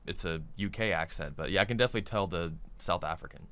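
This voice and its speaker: Podcast cohost guy, lowish voice, quick easygoing chat, dry sound. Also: sharp tone, clean tone, no room sound. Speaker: podcast co-host. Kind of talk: casual chat.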